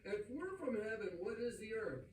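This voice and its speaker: A man preaching as he comments on video clips, animated and exclaiming, his voice jumping high when excited. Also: normal speed, slight background noise. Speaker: pastor. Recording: echoey room, voice from a distance.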